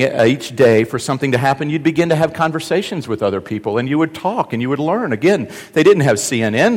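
A man preaching a sermon, telling the story with animated delivery that swings from loud cries to hushed asides. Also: mid-range voice. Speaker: pastor. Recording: long reverb of a large hall.

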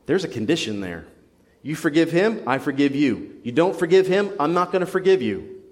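A man's voice: fairly high pitch, big pitch swings, normal speed, in a large hall. A young adult man preaching a sermon in a church, earnest and building to emphatic passion. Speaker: pastor. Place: church sanctuary.

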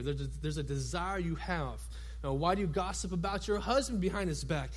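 A man who is a youth and young adult pastor, preaching a sermon in a church in a loose, conversational storytelling way with frequent filler words. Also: high voice.

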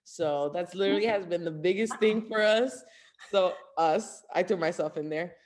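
A woman's voice: on the low side, moderate pace, a little mellow. Bubbly lady cohost, casual chatty podcast, laughs a bunch. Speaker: podcast co-host. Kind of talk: casual chat.

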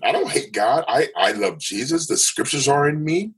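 A man telling a personal story in an interview, earnest and halting, often restarting his sentences. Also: mid-range voice, big pitch swings, husky, low-quality recording. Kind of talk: candid personal testimony.

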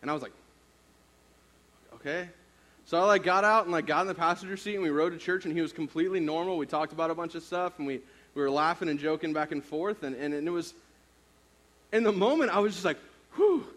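A man's voice: on the high side, quick pace, long pauses, fairly bright tone. A man in his thirties, a youth pastor, preaching a sermon through a casual personal story full of fillers.

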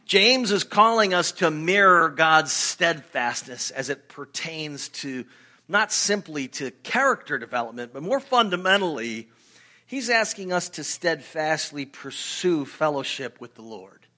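A pastor delivering a sermon in a bright, forceful voice that sits a little high for a man. He speaks earnestly and with emphasis, doubling up words as he drives his points home. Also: sing-song, a little slow.

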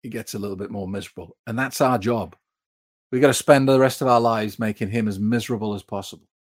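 A man's voice: on the low side, fast, no room sound, clean studio sound. Chatty man on a live stream. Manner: chatty, reads out viewer comments and answers them. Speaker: sobriety coach hosting a live stream. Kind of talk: live stream chat answering viewers.

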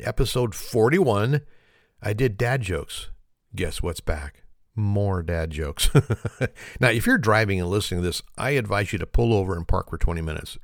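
A man's voice: fairly low pitch, vocal fry, no room sound, studio quality. A man hosting his own podcast in a casual comedic monologue, chuckling at his own dad jokes in his morning voice. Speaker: podcast host.

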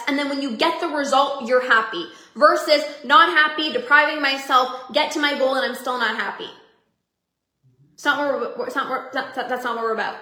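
A woman coach and podcast host giving an energetic, upbeat motivational talk to her members, often laughing. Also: high voice, reverberant.

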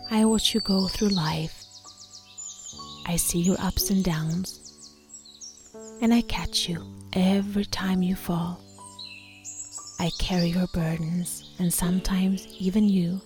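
A gentle, loving Jesus, put on by a woman in her own voice speaks softly and tenderly, at times in a whisper. The pace is unhurried and the tone warm and mellow. Faint music plays quietly behind this guided meditation. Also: on the low side, fairly even intonation. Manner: soft, tender, slow and reassuring, partly whispered.

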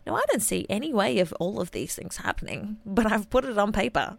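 A woman's voice: mid-range voice, animated, brisk, vocal fry, hardly any pauses, no room sound. A woman, hosting her solo podcast in a bubbly, chatty way and reading out a journal entry. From Australia. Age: late 20s. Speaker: podcast host.

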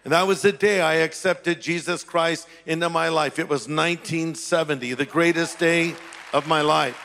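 Man, pastor, animated testimony, high voice, long hall reverb. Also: moderate pace, a faint crowd, slight background noise. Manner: animated, acts out voices in his story. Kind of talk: testimony sermon storytelling.

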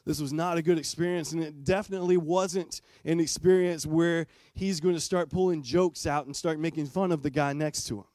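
Conversational pastor, fairly high voice. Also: male voice, fairly even intonation, brisk, hardly any pauses, darkish tone, dry recording. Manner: conversational, asks the congregation direct questions. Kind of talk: sermon. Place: church.

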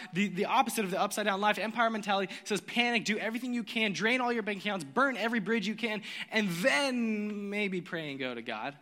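A high, bright male voice delivers an animated sermon and retells the story with plenty of energy. His words carry a long hall reverb, as if spoken from a church stage. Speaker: pastor.

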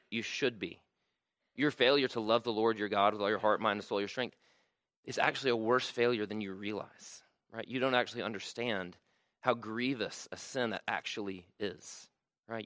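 A man's voice: on the low side, fairly bright tone, no room sound. A man preaching a sermon to a room, conversational and checking in with "right?" often. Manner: conversational, frequent "right?" tags. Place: room with audience.

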